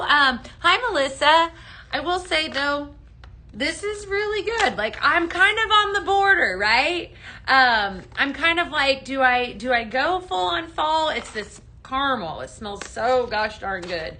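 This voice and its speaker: A bright, crisp-toned woman talking in a casual live-stream chat, a little higher than most. She runs a home fragrance sale, greets viewers by name, and leans on fillers like "um" as she goes. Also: animated, a little slow.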